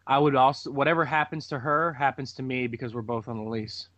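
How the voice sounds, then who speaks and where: A man of middle pitch talks on a podcast, rambling and restarting with hesitation. His voice sounds dry and close. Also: flat delivery, brisk, fairly bright tone, no echo. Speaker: podcast guest. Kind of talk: casual group chat.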